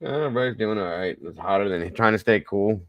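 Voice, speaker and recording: Deep-voiced man on a dull line. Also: fast talker, dry recording. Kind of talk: casual chat.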